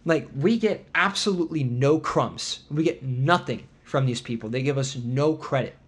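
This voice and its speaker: A man's voice: medium pitch, moderate pace, breathy edge. A man hosting a podcast, telling an indignant travel story in casual chat with sarcastic asides. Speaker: podcast host.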